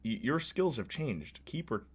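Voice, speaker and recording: A man's voice: mid-range voice, very animated, unhurried, slight background noise. A man streaming a video game, chatting casually and joking over the cutscenes, with plenty of filler sounds. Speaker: gaming streamer. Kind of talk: casual let's-play commentary.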